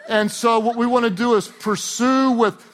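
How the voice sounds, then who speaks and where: A pastor preaching a lively, humorous sermon to a church audience, rising to shouts on key points. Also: male voice, very high-pitched, normal speed, a little hiss or hum.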